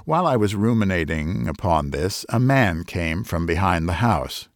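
A man hosting a story show, reading a first-person tale in a measured, deliberate way. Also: low voice, expressive, dry recording, clean studio sound. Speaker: storyteller host.

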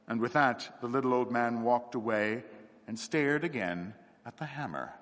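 A man narrating a classic story for adults in an expressive, dramatic way, in a reverberant space. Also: mid-range voice, a little slow. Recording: long reverb.

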